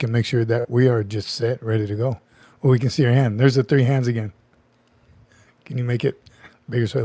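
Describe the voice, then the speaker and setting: A man's voice: mid-range voice, warm tone, no room sound. A middle-aged man hosting a casual livestream, chatty, joking and greeting viewers by name. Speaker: livestream host.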